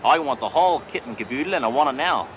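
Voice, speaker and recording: A man's voice: medium pitch, lively intonation, quick pace, music in the background, lightly acted, rough recording. An actor doing a put-on Australian accent as a boastful male tycoon, with a blustery, bragging delivery. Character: loud fake Aussie tycoon, boastful male car buyer.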